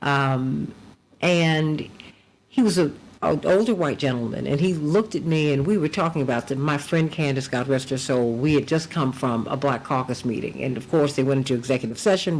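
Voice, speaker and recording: A woman hosting a radio talk show, telling stories in casual chat and swinging from loud to hushed. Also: low voice.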